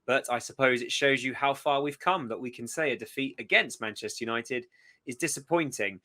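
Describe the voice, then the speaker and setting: Bright-toned male host for a casual fan chat, upbeat and driving the questions. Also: mid-range voice, fairly quick. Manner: upbeat, leads the talk with questions. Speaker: podcast host.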